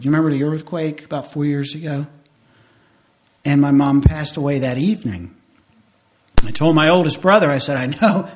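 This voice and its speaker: A pastor in his fifties preaching a sermon, telling a personal story with strong feeling and swinging between loud bursts and hushed, intimate moments. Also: on the high side. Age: 50s.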